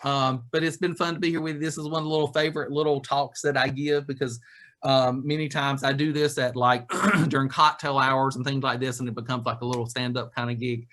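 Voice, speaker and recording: A man speaking over a video call, giving an animated, joking leadership talk. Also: medium pitch, a little fast. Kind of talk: lively webinar talk.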